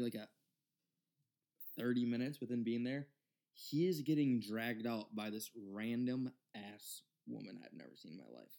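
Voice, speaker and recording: A young man in his twenties tells a rambling story on a podcast, mid-pitched and casual. He jumps into the voices of the people in the story as he goes. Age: 20s. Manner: rambling, animated retelling with quoted dialogue. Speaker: podcast host.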